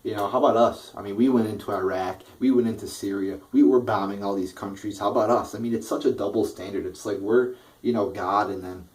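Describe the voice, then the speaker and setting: Low-voiced man ranting angrily. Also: steady tone, brisk, hardly any pauses, recorded from a distance, poor audio. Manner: heated, profane, stammering restarts. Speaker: political vlogger. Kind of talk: angry political rant.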